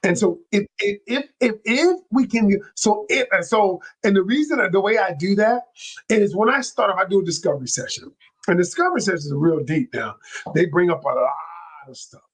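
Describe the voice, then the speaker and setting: This is a man speaking as a relationship coach in an interview. He talks with excitable energy and a lively, swooping pitch. His slightly raspy voice sits high, and his loose, colloquial delivery keeps circling back to restart phrases. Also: moderate pace. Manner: animated and excitable. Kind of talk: interview guest.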